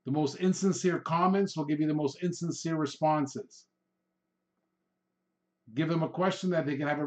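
A man's voice: a little high, darkish tone. A middle-aged man giving instructional sales advice in a conversational way, acting out short exchanges with customers. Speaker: real estate trainer, podcast host. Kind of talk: instructional talk.

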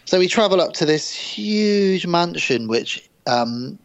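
A man's voice: high voice, lively intonation, creaky, no echo. Enthusiastic man, muffled mic. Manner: enthusiastic, recounts plot with quick asides. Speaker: podcast co-host. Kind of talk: casual film review chat.

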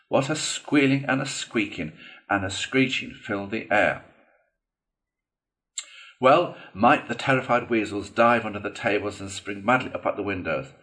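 A man narrating a classic children's storybook in an expressive read-aloud style. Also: fairly low pitch. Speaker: audiobook reader.

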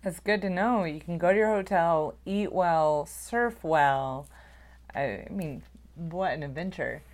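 A woman hosting a podcast, asking her guests questions in a relaxed, upbeat way. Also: on the low side, measured pace. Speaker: podcast host. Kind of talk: casual chat.

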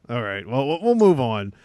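A male podcast host running a loose comedy chat. He stumbles over his words and laughs along with his co-hosts. His voice sits at an ordinary pitch and sounds dry and close. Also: sing-song, slow pace, darkish tone, no room sound. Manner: stammering, apologetic, laughs often.

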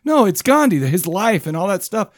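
A man with a notably high voice holds forth on a podcast, recapping a film and getting exasperated over it. The sound is dry and close, with no room around it. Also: sing-song, normal speed, no echo. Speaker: podcast co-host. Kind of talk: casual movie review chat.

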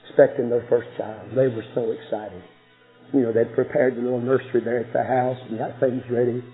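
A man preaching a sermon, telling a story emphatically with sudden soft drops in his voice. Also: mid-range voice. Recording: muffled radio broadcast with faint music.

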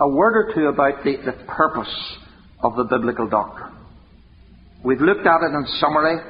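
A high-voiced man preaching with a wide, swooping delivery, firing rhetorical questions and leaning hard on his emphasis. His voice rings out in a long hall reverb. The recording is dull and lo-fi with a faint hiss underneath. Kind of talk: sermon.

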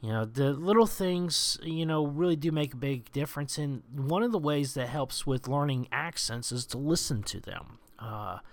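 Gravelly man chatting casually. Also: on the high side, lively intonation, normal speed, hardly any pauses. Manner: chatty, rambling, with frequent "you know" and "uh". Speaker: podcast host giving roleplaying tips. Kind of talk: casual tips monologue.

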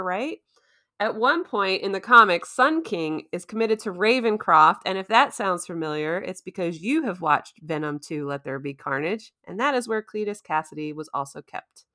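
A woman's voice: fairly low pitch, pushed and bright. A woman recapping a show in casual chat, chatty and playful, laughing often. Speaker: co-host.

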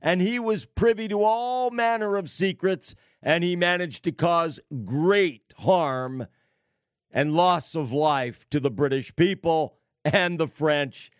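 A man preaching on prophecy, slow and emphatic, with sarcastic asides and wry laughs. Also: a little high, dry recording, clean studio sound. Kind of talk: prophecy sermon.

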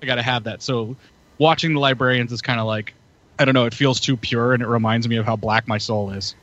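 Over muffled, lo-fi audio, a man co-hosts a podcast in casual chat, full of energy and frequent laughter. He has a mid-range, slightly bright voice with fairly even intonation and a fairly quick pace.

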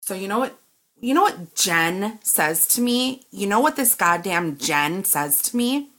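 A woman telling a story in a casual, animated way, acting out both sides of the exchange. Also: medium pitch, measured pace.

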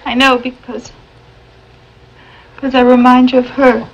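A woman's voice: sits high, little pitch movement, a little slow. An actress playing a guarded young woman who pleads and resists, in a 1950s film. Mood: pleading. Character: mysterious young woman, later a defiant shopgirl. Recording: muffled old film soundtrack with score.

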